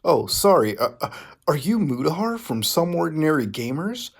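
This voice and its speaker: A nervous young male superfan, timid and gushing, with a gravelly edge to his voice, as a man reads him aloud. He sounds eager and a little shaky, in a comedic fan-fiction reading. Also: fairly high pitch, sing-song, moderate pace, full character voice.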